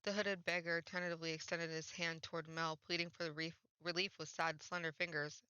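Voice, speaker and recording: Bright, crisp woman narrating a story. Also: low-pitched, brisk, no room sound. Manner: expressive narration with reactive asides. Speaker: streamer. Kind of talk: reading a visual novel aloud on stream. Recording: dull, slightly muffled dry recording.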